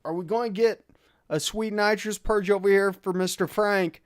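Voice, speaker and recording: A man chats easily on a live stream, answering viewer questions in a relaxed, rambling way and chuckling often. His voice sits a bit high for a man. The sound is close and dry, with no room echo. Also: moderate pace. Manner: laid-back, chuckling often, reads chat aloud. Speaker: host of a live car tuning stream. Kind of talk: casual live stream chat.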